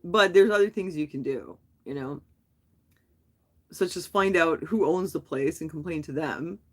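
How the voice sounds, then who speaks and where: A woman vlogger talking casually on a live stream, telling a story in a rambling, animated way with frequent restarts. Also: low voice, measured pace. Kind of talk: casual chat.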